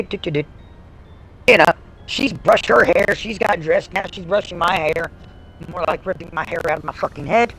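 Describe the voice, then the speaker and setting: A woman's voice: on the low side, fairly bright tone, rough recording. A woman livestreamer telling a story in casual talk, blunt and heavily profane. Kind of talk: casual storytelling on a live stream.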